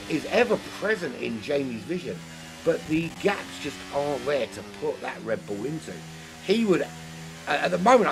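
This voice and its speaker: A man doing solo live race commentary, rambling and jokey, getting excited at incidents, his voice worn from a long weekend of talking. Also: mid-range voice. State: losing his voice. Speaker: sim racing commentator.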